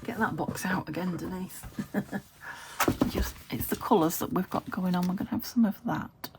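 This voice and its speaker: British woman vlogger, casual self-talk at a craft desk, creaky, noisy recording. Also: fairly low pitch, moderate pace. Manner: chatty, thinks aloud, self-talking with little laughs. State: recovering from a fever. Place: home craft desk, window open. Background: traffic through an open window.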